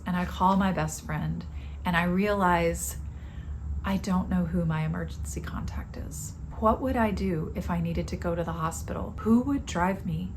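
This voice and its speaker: A woman's voice: lowish voice, a little hiss or hum. A middle-aged woman hosting a podcast, telling a personal story in a candid, confessional way. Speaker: podcast host.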